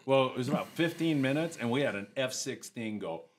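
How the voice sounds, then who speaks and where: Older man telling lively fishing stories. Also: mid-range voice, brisk. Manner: animated storyteller, acts out others' lines in raised voices. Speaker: podcast guest, retired commercial fisherman. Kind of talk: casual storytelling chat.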